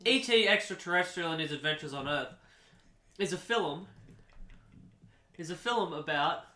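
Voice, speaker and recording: A young man co-hosting a casual comedy podcast, rambling through an improvised story with a deadpan delivery. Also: fairly high pitch, normal speed. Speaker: podcast co-host. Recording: echoey room.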